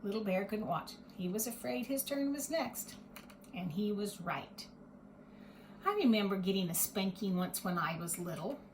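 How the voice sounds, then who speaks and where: A woman reading a picture book aloud to children, pausing gently to explain and ask questions. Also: medium pitch, expressive, echoey room, slight background noise. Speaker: storyteller.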